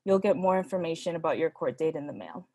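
A woman's voice: sits low, lively intonation, quick pace, vocal fry, warm tone, husky, no room sound, studio quality, heavily acted. A woman reading aloud, voicing a stern, dismissive male police officer. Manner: curt, dismissive.

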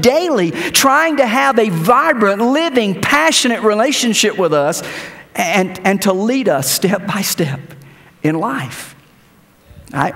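A male pastor preaching a sermon in a church, animated, with repeated words and rhetorical questions. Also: extremely high pitch, in a large hall. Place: church sanctuary.

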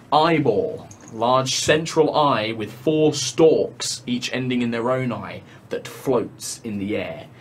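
A man narrating as game master in a tabletop game, describing scenes in an animated way. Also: medium pitch, slight background noise.

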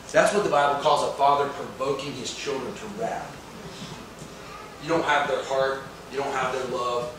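A man's voice: medium pitch, noisy background. A male pastor preaching a sermon with emphatic delivery, often asking the congregation questions. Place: church sanctuary. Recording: echoey church hall from far off.

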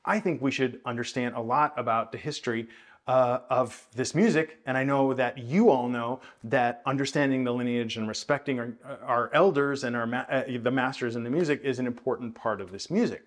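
A man teaching jazz bass in a video lesson, explaining thoughtfully with many hedges and counting and scatting rhythms aloud. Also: fairly quick. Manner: thoughtful, hedging explanations with frequent "I think".

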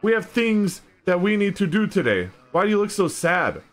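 Young adult male streamer, lively and foul-mouthed, raised pitch with wide swings. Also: normal speed. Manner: animated, heavy swearing. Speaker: live streamer. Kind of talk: casual storytelling to chat.

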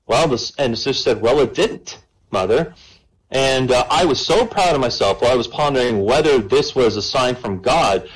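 A man's voice: mid-range voice, moderate pace, breathy edge, poor audio. A man telling a long joke at an online comedy night, adding "right?" after his lines. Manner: animated storyteller, keeps adding "right?". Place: online voice chat comedy show.

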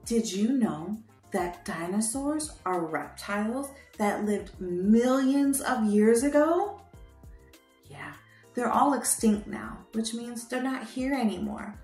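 Woman, children's show host, very slow, bouncy sing-song, roomy sound, faint music behind. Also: fairly high pitch, animated, darkish tone. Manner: sing-song, coaxing children to repeat words. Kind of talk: teaching toddlers.

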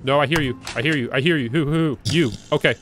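A man giving live commentary as he plays a horror game. He is jumpy and nervous, repeats words in quick bursts and begs the game's enemies to go away. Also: mid-range voice, background noise. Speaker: gaming video creator. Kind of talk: live let's-play commentary.

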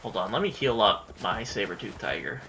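A young man giving casual let's-play commentary, chatty and easily frustrated, breaking into excited yelling during chases. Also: fairly low pitch, fairly quick, gravelly, background noise. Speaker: gameplay commentator.

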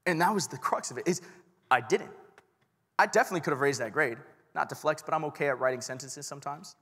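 A young man preaching in a casual, self-deprecating way, talking straight to his congregation. His voice is bright and a little husky, sitting slightly high for a man. The sound rings with the long reverb of a large church hall. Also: fast talker. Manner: casual and self-deprecating, addresses the crowd directly. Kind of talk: sermon with personal story.

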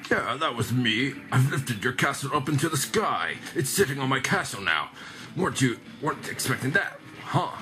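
A gloating video game villain king who hams up his taunts, pitched higher than his speaker's usual voice, as a man reads the lines aloud. He speaks with smug, theatrical menace. Game music plays behind him. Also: sing-song, normal speed, bright, forceful tone.

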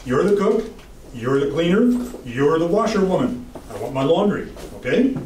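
A man's voice: on the high side, very animated, moderate pace, darkish tone, slight background noise, pitched above the performer's own voice. A man voicing a blunt, commanding newlywed husband in a joke, recorded in an echoey hall from a distant mic. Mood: bossy. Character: bossy newlywed husband laying down rules.

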